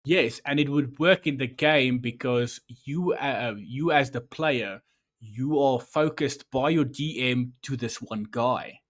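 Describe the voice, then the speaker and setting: Man, podcast host, casual chat, rambling, sarcastic, swears a lot, mid-pitched voice. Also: slow pace, a bit bright.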